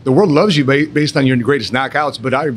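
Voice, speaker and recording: A man's voice: medium pitch, brisk, slight background noise. A man hosting a roundtable, speaking straight to viewers in a direct, motivational way. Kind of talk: addressing viewers in a talk.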